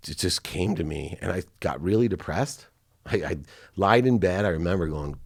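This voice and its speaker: A man's voice: low voice, expressive, moderate pace, creaky, a little mellow, no room sound, clean studio sound. A middle-aged man, a podcast guest, telling candid personal stories with feeling, choking up at times.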